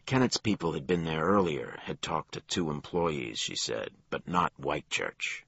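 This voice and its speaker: Deep husky male audiobook narrator. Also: big pitch swings, normal speed, fairly bright tone, no echo, highs cut off. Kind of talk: scripted narration.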